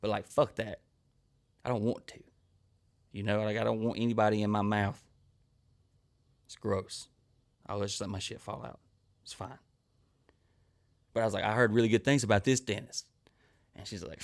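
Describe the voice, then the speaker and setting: A man's voice: on the low side, little pitch movement, moderate pace, creaky, pauses often. A man, a comedian hosting a podcast and telling crude, rambling stories full of swearing. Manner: crude, rambling, swears constantly, acts out quoted people. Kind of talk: profane storytelling monologue.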